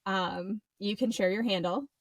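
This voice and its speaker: A woman's voice: medium pitch, measured pace, dry recording. Enthusiastic American woman podcast host. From United States. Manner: warm, enthusiastic, effusive. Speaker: podcast host and recovery coach. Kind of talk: casual podcast conversation.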